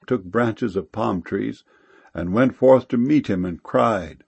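A man reading old-fashioned scripture verses aloud in a measured, solemn way. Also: on the low side, vocal fry, darkish tone, breathy edge. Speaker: scripture reader.

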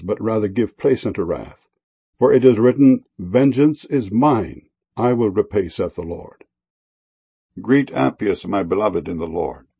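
A man with a low, gravelly, husky voice reads old scripture verses in a solemn, reverent way. He keeps a dark, mellow tone and slows down to dwell on key words. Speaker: scripture reader. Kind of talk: solemn King James Bible reading.

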